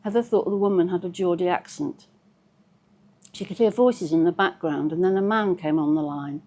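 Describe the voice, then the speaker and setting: Woman author reading with a mellow voice. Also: on the low side. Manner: measured, steady storytelling. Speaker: author reading her novel. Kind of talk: reading aloud from a novel.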